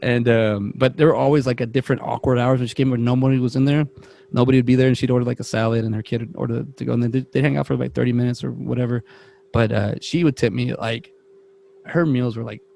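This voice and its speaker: Fast-talking gravelly young man. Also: medium pitch. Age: young adult. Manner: rambling, animated, acts out quoted voices. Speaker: podcast co-host. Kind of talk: casual storytelling chat.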